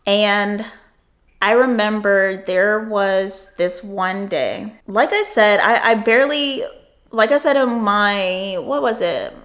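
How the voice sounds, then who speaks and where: A woman's voice: mid-range voice, slow, a bit bright. A woman in her twenties telling a storytime vlog, rambling with many fillers and frequent swearing. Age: 20s. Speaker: vlogger.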